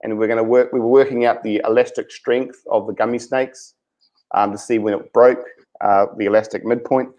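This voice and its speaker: A man's voice: mid-range voice, fairly even intonation, moderate pace, darkish tone, poor audio. A man with a New Zealand accent, a science teacher, speaking hesitantly with many ums on a video-call webinar. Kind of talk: webinar chat about remote teaching.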